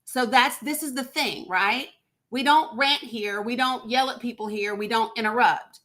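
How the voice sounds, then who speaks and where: A firm, blunt woman hosts a live call-in stream and holds callers to her rules. Her voice sits a little high and sounds bright and forceful. She speaks with steady authority. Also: moderate pace. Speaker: host.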